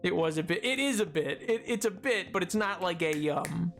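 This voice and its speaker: A man's voice: high voice, expressive, normal speed, fairly bright tone, faint music behind. A man livestreaming a game, chatting casually and laughing often, with frequent stammered restarts and repeated words. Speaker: streamer.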